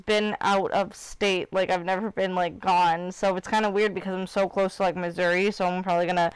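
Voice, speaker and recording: A woman's voice: lowish voice, flat delivery, a little fast, clear, resonant tone, no echo. A woman in her twenties from Illinois, hosting a live stream in casual chat. She rambles candidly and fills her talk with "like" and "you know what I mean". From Illinois, United States. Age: 20s. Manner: rambling, filler-heavy, candid.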